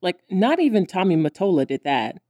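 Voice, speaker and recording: A woman co-hosting a podcast, chatting casually about a cartoon episode, laughing often and acting out characters' lines in high squeals. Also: big pitch swings, a little fast, a little mellow, no echo, clean studio sound. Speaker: podcast co-host.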